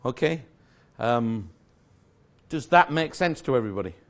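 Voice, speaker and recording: A man's voice: mid-range voice, lively intonation, normal speed. A man giving a live magic lecture to an audience, explaining step by step in a chatty, self-correcting way with small jokes.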